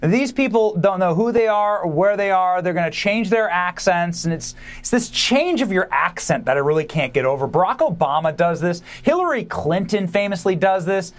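A man guesting as a political commentator, talking emphatically and fast in a preachy, opinionated way. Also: high-pitched, lively intonation. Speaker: podcast host and guest commentator.

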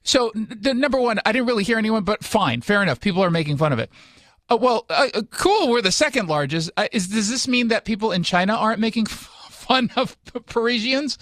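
Sarcastic high-voiced American man. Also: lively intonation, a little fast, fairly bright tone, dry recording, studio quality. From United States. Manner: sarcastic, wry. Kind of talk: casual commentary chat.

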